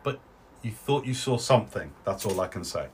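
A man's voice: on the low side, lively intonation, a little fast, a little mellow, husky. A man running a tabletop game as game master, describing scenes with fillers and self-corrections.

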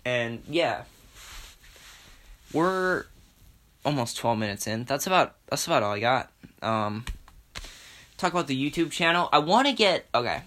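A man's voice: medium pitch, animated, unhurried, long pauses, pushed and bright. A young man hosting a podcast alone, rambling casually, swearing and poking fun at himself. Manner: rambling, self-mocking, profane. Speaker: podcast host. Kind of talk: casual solo monologue.

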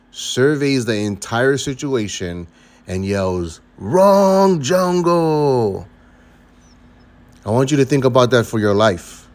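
A man's voice: mid-range voice, darkish tone. A man hosting a leadership podcast, talking earnestly and emphatically, often repeating words for stress. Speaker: podcast host. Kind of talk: motivational podcast talk.

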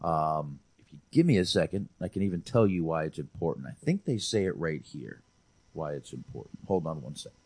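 Deep, animated man rambling casually. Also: a little fast, slightly rough. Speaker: podcast host. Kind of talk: casual movie-review chat.

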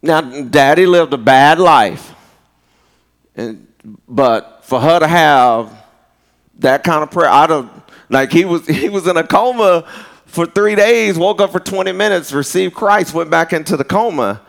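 A pastor preaching a sermon in a loose, conversational way, with folksy asides. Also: male voice, fairly high pitch, animated, a little slow, creaky.

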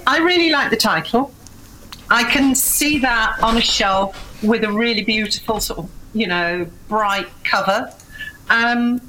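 A woman's voice: a little high, sharp tone, a little hiss or hum, poor audio. A woman giving a thoughtful, hesitant critique of a story in casual chat. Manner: thoughtful, hesitant, slow with fillers. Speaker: guest reviewer.

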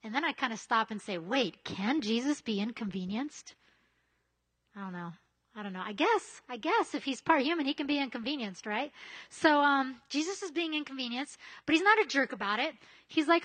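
A woman's voice: on the high side, expressive, brisk, fairly bright tone. A woman giving a casual, conversational sermon, full of chatty asides and frequent "right?" checks with her listeners. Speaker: preacher.

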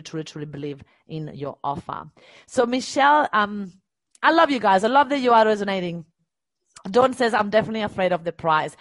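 Energetic woman business coach, dry sound. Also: mid-range voice, dry recording. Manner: energetic, encouraging, emphatic. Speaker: business coach hosting a live session. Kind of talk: live-stream coaching chat.

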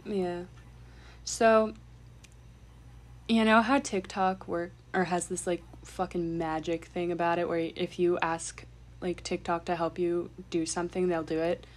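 A woman's voice: lowish voice, level tone, unhurried. A young woman co-hosting a podcast over a remote call, chatting casually, swearing offhand and laughing often. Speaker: podcast co-host. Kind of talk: casual chat.

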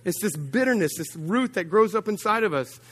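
A male pastor preaching a sermon, telling humorous stories with sudden jumps in pitch and loudness and calling out to the congregation. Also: a little fast. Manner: humorous, animated storytelling with big swings of pitch and volume; addresses the congregation directly with call-outs.

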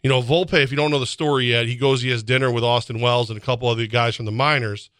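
A man's voice: mid-range voice, fast talker, no room sound, studio quality. A man co-hosting a sports radio show, talking casually and animatedly, laughing and acting out imagined exchanges. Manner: animated, laughs often, acts out imagined dialogue.

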